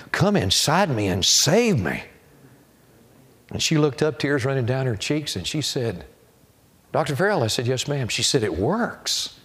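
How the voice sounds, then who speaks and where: A man preaching a revival sermon, pleading and repeating his questions, telling stories with dramatic pauses. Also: fairly low pitch. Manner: pleading, repetitive, dramatic storytelling. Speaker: evangelist preacher.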